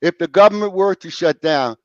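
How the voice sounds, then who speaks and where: A man's voice: high-pitched, brisk, no echo. Dull, dry-sounding male storyteller host. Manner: storytelling, acts out quotes, swears freely. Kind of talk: casual chat and storytelling.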